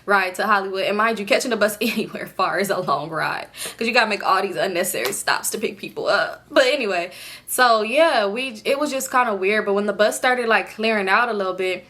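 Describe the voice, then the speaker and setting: A woman vlogger telling a casual storytime, animated and profane, laughing often. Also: medium pitch, brisk.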